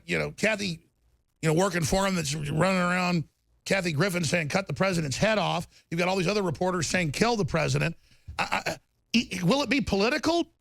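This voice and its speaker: A man hosting political talk radio, ranting in heated bursts with a gravelly voice. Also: high-pitched, no room sound. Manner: fiery, ranting, shouting bursts. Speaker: radio talk show host.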